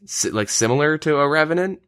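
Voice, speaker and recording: A man's voice: fairly high pitch, fairly quick, smooth, dry recording. A young man from Canada hosting a gaming podcast, chatting loosely with lots of "like" and "um". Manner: relaxed, many fillers like "like" and "um". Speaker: podcast host. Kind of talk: casual gaming chat.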